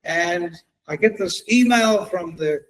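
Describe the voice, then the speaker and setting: A man's voice: sits high, takes it slowly, rough recording. A middle-aged man giving a chatty, joking talk as guest speaker, telling anecdotes. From South Africa. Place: synagogue event hall.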